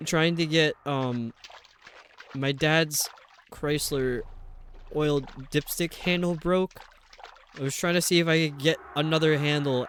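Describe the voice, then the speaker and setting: A man's voice: a little high, slight background noise. A man live-streaming a video game, rambling to his viewers as he puzzles over the level. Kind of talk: casual live-stream chat while gaming.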